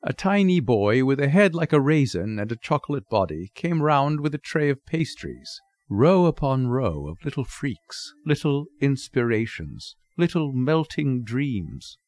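A man narrating a short story in an expressive, wry storybook reading. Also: mid-range voice, unhurried, few pauses, dry recording. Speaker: narrator, reader.

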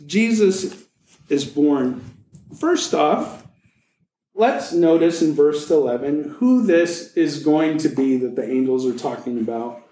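A man's voice: a little high, expressive, slow pace, warm tone, reverberant, rough recording. A man preaching a sermon as pastor, reading scripture and then retelling it with jokes and playful asides.

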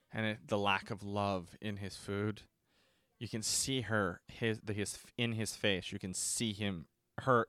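Seated at his desk mic with notes, a man runs a casual solo podcast about movies, swearing freely, rambling, and often starting sentences over with plenty of fillers. He has a lowish, bright voice with a forceful tone, and there's no echo.

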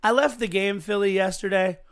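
A man's voice: high voice, steady tone, a little fast. A man co-hosting a casual sports podcast, telling stories in a chatty, earnest way. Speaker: podcast co-host.

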